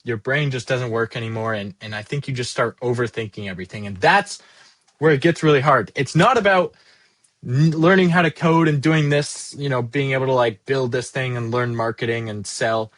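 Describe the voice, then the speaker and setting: A young man in his twenties venting in a rambling, profane, self-deprecating monologue about running a software business. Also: medium pitch, moderate pace, no echo. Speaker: SaaS founder vlogging.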